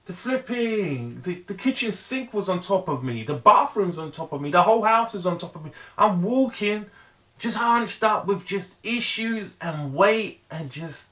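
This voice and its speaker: A middle-aged man with a high-pitched voice speaks in an earnest, pleading way. He hammers home points through heavy repetition and often trips over the start of a phrase before pushing on. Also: pushed and bright. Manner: earnest, emphatic, heavily repetitive; halting restarts. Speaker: vlogger. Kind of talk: motivational monologue.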